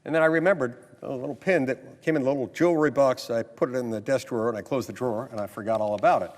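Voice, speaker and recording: A man's voice: medium pitch, quick pace. An American man, a senator, giving a floor speech that moves from a storytelling anecdote into an earnest, insistent argument. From United States. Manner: storytelling, mimics others in quotes, then earnest and insistent. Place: legislative chamber. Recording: long reverb of a large chamber.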